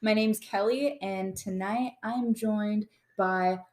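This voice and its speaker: A woman hosting a casual podcast chat, playful and quick to swear and laugh. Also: mid-range voice, fairly even intonation, a little mellow. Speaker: podcast host.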